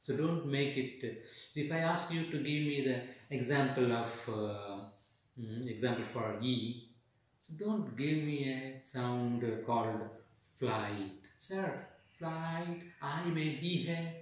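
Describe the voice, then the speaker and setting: A man with an Indian English accent teaching English pronunciation, slowly repeating vowel sounds and example words in drills. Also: medium pitch, fairly even intonation. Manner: slow, repeats each sound and word drills. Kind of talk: accent training lesson. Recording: echoey room, voice far from the mic.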